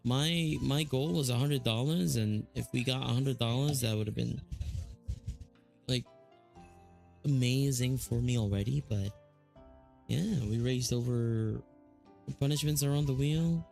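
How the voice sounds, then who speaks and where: A man's voice: medium pitch, measured pace, vocal fry, long pauses, darkish tone, soft background music. A man with a Filipino accent chatting casually on a live stream, rambling with lots of fillers and restarts.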